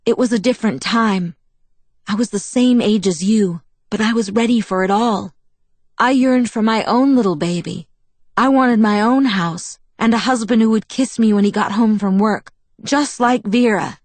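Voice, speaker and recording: A woman's voice: medium pitch, normal speed, a little mellow, dry recording, lightly acted. A woman voicing a proud, bitter young woman vampire who tells her past in a wistful, self-mocking way, in an audiobook. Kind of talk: audiobook character reading.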